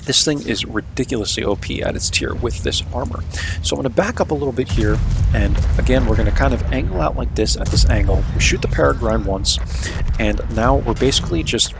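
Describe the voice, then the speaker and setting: A man's voice: mid-range voice, expressive, fairly quick, vocal fry, music in the background. A man casually talking through replays of his own games as the video's host, laid-back and chatty, often checking in with "right?".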